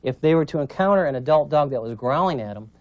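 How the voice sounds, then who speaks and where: A man's voice: on the high side, expressive, quick pace, no echo, highs cut off. A man demonstrating puppy training, explaining patiently and checking in with his student as he coaches. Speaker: dog trainer. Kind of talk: instructional demonstration.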